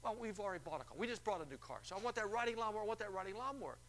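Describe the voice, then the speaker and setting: A man's voice: rapid-fire, a bit bright, a little hiss or hum. A man squealing as a giddy woman caller. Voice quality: shrill and gushing, repeating herself. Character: overjoyed middle-aged woman radio contest caller.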